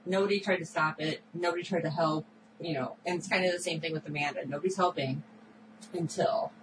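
A woman co-hosting a podcast, recapping a TV episode in a chatty, animated way full of filler words. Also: low-pitched, brisk, background noise. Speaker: podcast co-host. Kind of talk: casual chat recapping a TV episode.

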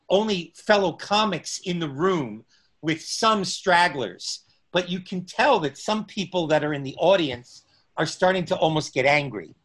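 A middle-aged man telling a story in casual conversation, unhurried, pausing often and restarting his phrases. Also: sits high, fairly bright tone. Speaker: guest recounting stand-up comedy memories.

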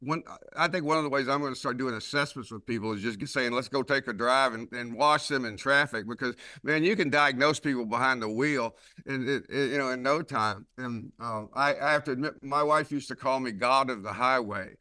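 A man with a Southern accent hosting a podcast, telling stories in a lively way with many restarts and repeated words. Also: mid-range voice, fairly quick, dry recording. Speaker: podcast host. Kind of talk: casual podcast conversation.

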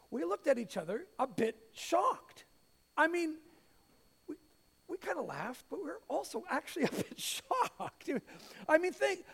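High-voiced pastor preaching in a reverberant hall. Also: male voice, gravelly, husky. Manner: storytelling with light humor, expressive. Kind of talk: sermon.

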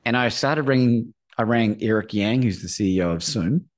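A middle-aged man, a guest on a podcast, telling a story in a lively way, acting out the people he quotes and often asking "right?". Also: on the low side, normal speed. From Australia. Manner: acts out quoted voices, often asks "right?". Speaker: guest, courage coach. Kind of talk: animated storytelling in a podcast interview.

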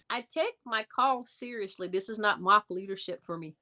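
A young adult woman telling a personal story in a conversation, animated and emphatic, repeating words for effect. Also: mid-range voice, moderate pace. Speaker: guest.

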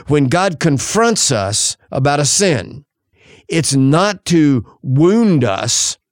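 A man preaching a sermon in an earnest voice, pausing for effect and quoting scripture in old-fashioned wording. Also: medium pitch, no room sound, studio quality.

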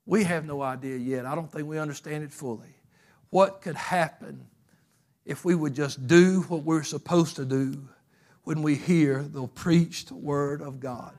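A man preaching a fervent sermon, telling stories and swinging from loud bursts to hushed passages. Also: on the high side, steady tone, unhurried.

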